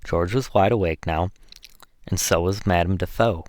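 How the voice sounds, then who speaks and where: A man narrating a classic novel as an audiobook, reading in a measured way with small slips. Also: low-pitched, darkish tone, no echo.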